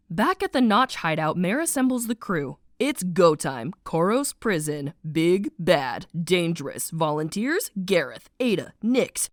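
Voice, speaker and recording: A woman narrating a snarky animated book summary, playful and sarcastic, with slang asides and spoken sound effects. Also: mid-range voice, normal speed, no echo, studio quality.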